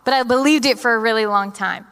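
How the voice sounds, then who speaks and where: A young woman preaching a sermon in a large church, telling stories with animated, dramatic delivery. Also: a little high, fast, clean tone. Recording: long hall reverb.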